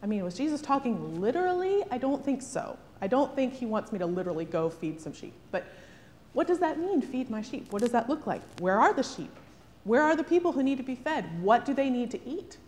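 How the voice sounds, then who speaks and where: Animated woman preaching in a reverberant hall. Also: fairly high pitch, brisk. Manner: animated, rhetorical, frequent "right?". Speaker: pastor. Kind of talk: sermon.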